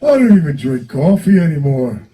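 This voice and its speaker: A man's voice: fairly high pitch, animated, normal speed, mellow, voice pushed up, lightly acted, low-quality recording. A man putting on the voice of a weary, droll older male rock singer while telling a story on stage. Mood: wondering. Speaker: musician telling an anecdote.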